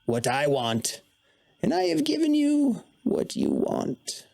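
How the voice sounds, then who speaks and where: A man voicing an old female hag in a tabletop game, speaking slowly and portentously. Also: high-pitched, huge pitch swings, gravelly, a little mellow, pitched above the performer's own voice, full character voice. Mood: cryptic. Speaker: dungeon master.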